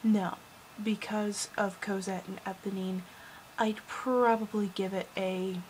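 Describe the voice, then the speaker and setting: A teenage girl giving a casual, gushing film review vlog, rambling, dropping into whispers and then bursting out louder. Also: medium pitch, level tone, a little slow, a little hiss or hum, poor audio. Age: teens. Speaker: vlogger.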